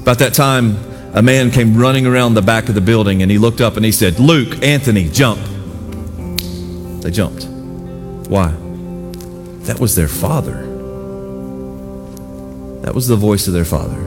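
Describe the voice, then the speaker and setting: A man preaching a sermon with animated, emphatic delivery and repeated exhortations. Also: on the low side, normal speed, long pauses. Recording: long hall reverb with faint music.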